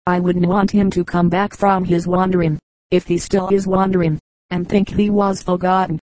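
A woman's voice: on the low side, moderate pace, dry recording, close to an everyday voice. A woman reading the lines of a poor mountain boy in a listless, passionless storybook voice. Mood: wistful. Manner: listless, flat, lifeless delivery.

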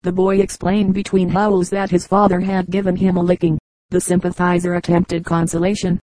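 Lady reading funny little stories aloud, even and measured, pretty flat delivery. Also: on the low side, no room sound, rough recording. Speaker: audiobook reader. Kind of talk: scripted narration of humorous anecdotes.

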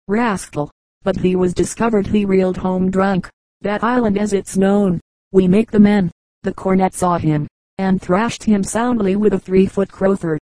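A woman reading an old humorous magazine piece aloud as an audiobook, in an even, unhurried manner. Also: medium pitch, dry recording, poor audio. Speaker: audiobook reader.

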